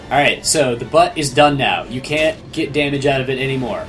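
A man's voice: medium pitch, normal speed. A man casually coaching a friend through a video game, talkative and full of restarts. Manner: animated, chatty, with frequent restarts. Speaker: guide coaching the player. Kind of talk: casual let's-play banter. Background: game music.

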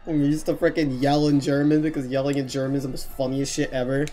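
A young man streaming a video game with friends, goofy and animated, chatting casually and laughing often. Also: mid-range voice, fast talker, faint music behind. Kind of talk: casual gaming stream chat.

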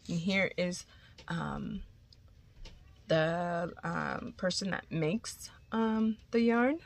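A woman's voice: on the low side, extremely slow, gravelly, slight background noise. A woman vlogger chatting casually and gushing as she unboxes crochet gifts, cursing now and then.

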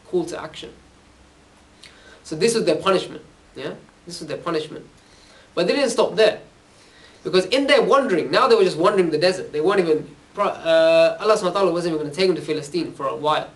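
A man's voice: a little high, expressive, quick pace. A man giving an informal religious talk to young people, telling stories casually and checking in with a questioning "yeah?" after nearly every phrase. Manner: casual, conversational storytelling. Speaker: religious speaker. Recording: distant from the mic.

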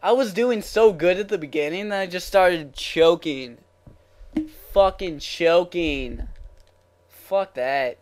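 A young man giving live commentary over his own video game match, swearing constantly, yelling in frustration, then muttering to himself. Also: sits high, takes it slowly. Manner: swearing, swinging between raging shouts and muttering. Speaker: gaming channel host.

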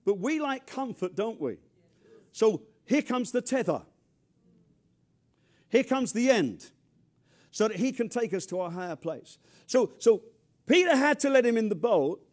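At a measured pace with long pauses, an older English pastor from near London preaches in a high, spirited voice. Humor and loud emphatic bursts give way to soft, low asides.

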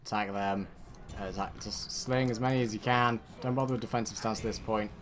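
A British man from the United Kingdom giving rambling, excitable game commentary with sarcastic asides. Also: lowish voice, a little fast. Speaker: let's play gamer.

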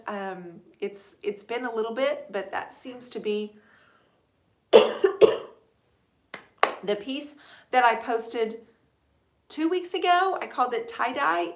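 A woman hosting a casual live stream, chatting warmly and thanking viewers by name as she answers their questions about painting furniture. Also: medium pitch. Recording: echoey room.

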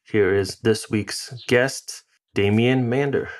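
A man's voice: lowish voice, slow, soft background music. A man with an American accent hosting a podcast, talking in a rambling, casual way full of fillers. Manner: rambling, filler-heavy, chatty. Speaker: podcast host.

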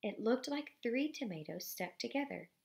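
Woman reading a novel aloud, gravelly edge. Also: a little high, normal speed. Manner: steady, expressive reading with brief apologies for slips.

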